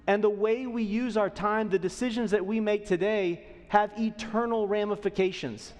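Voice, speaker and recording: This pastor, a man in his thirties, preaches in a church auditorium with a high-pitched, darkish voice at a normal speed and fairly even intonation. He keeps things conversational, often checking in with listeners, and the space sounds large.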